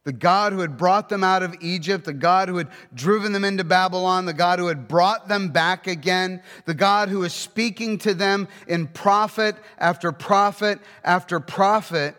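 A man preaching a sermon, emphatic, with rhetorical questions and slowing down to read scripture. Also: high voice, fairly bright tone, long reverb tail.

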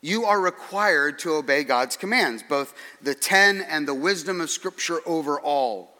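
A man preaching a sermon as pastor, earnest and measured, with dry humorous asides. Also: on the high side, lively intonation, sharp tone, in a large hall.

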